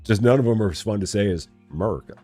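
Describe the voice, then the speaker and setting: Racing along in a lowish, dark voice with a breathy edge, a man streams himself playing a store-building game. He chats to viewers and to himself, joking with mock voices, as faint music plays behind.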